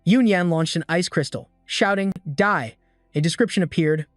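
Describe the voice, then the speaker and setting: A man narrating a comic story recap in a steady storytelling manner. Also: high voice, a little fast, no room sound, studio quality. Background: faint background music.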